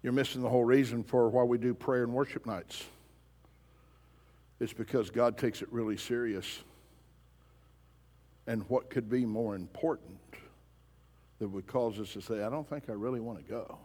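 Male pastor, mid-pitched, emphatic sermon delivery with rhetorical questions, long hall reverb. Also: steady tone, measured pace, pauses often, a little mellow. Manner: emphatic, asks the congregation pointed rhetorical questions. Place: church sanctuary.

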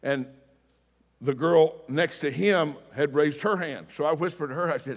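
A man with a slightly high voice preaches a sermon at moderate speed in a church sanctuary. As pastor, he shares stories in a relaxed, self-mocking, conversational manner, and the hall's long reverb colors the sound.

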